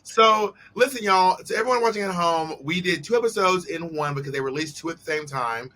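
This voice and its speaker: A man's voice: sits high, expressive, a little fast, sharp tone, rough recording. A man in his thirties hosting a show, chatting casually and teasing his co-host in a laid-back, playful way. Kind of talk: casual recap chat.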